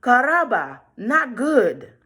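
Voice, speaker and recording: A woman's voice: a little high, very animated, takes it slowly, pushed and bright, slightly rough, pitched above the performer's own voice, exaggerated voice. A woman voicing a small girl in a red cape from a storybook, innocent and a little wary.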